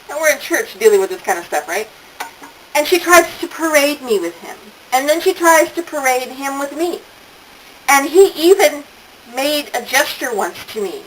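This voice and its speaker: A woman's voice: sits high, very animated, normal speed, far from the mic, a little hiss or hum, low-quality recording. An older woman talking casually on camera, telling stories with laughing asides. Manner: chatty storytelling, acts out quoted voices, laughing asides. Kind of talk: casual monologue.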